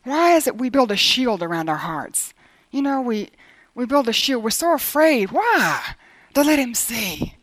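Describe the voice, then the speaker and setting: Woman preacher, middle-aged, high voice, dry close sound, earnest delivery. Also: big pitch swings, a little slow, fairly bright tone, no echo. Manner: earnest, with quoted prayers acted out. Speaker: Bible teacher. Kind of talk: sermon.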